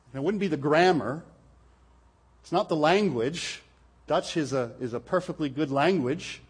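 A man's voice: on the high side, slightly rough. A man preaching a sermon from the pulpit in a church, explaining earnestly and asking rhetorical questions into a pulpit microphone. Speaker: pastor. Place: church hall.

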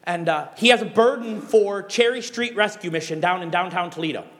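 A man's voice: high-pitched, fairly quick, long reverb tail. A man preaching a sermon as a pastor, telling stories and urging his congregation to act. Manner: animated storytelling with emphatic exhortations.

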